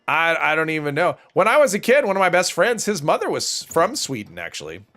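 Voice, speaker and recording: A man's voice: on the high side, very animated, fairly quick, fairly bright tone. A man streaming a video game, rambling and thinking aloud in casual commentary, with a stuffy nose. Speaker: gaming streamer.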